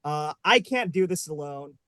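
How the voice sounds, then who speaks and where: A man's voice: on the high side, lively intonation, normal speed, bright, forceful tone, smooth, dry recording. A man hosting a live online panel show, upbeat and joking, with many fillers. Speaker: host. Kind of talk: casual live panel chat.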